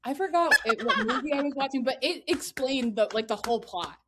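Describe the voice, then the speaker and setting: High, lively-voiced woman podcast co-host. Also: fairly quick, very noisy. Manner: expressive and incredulous, quoting her own reactions. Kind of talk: casual movie review chat.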